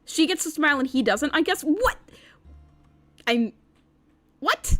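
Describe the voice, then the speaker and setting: A woman's voice: high voice, big pitch swings, a little slow, long pauses, a bit bright. A young woman streaming a visual novel, commenting in an exasperated, incredulous way with lots of repeated words and rambling, and reading the game text aloud.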